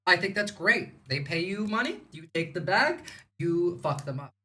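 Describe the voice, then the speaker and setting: A woman's voice: fairly low pitch, animated, normal speed, pushed and bright. A woman from the United States hosting a livestream, giving rambling, sarcastic political commentary. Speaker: livestream host.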